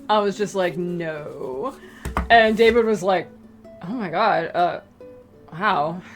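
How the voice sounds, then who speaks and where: Woman streamer, chatty storyteller, quoted voices jump high and low, faint music behind. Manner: animated, acts out quoted friends in higher and lower voices. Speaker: webcomic creator hosting a Q and A stream. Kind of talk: casual storytelling on a livestream.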